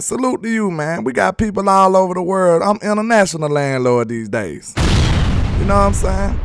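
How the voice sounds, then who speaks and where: A man's voice: a little high, clean tone, dry recording, studio quality. A man hosting a casual sports live stream, reading viewer comments aloud in a loose, slangy, repetitive way and laughing often.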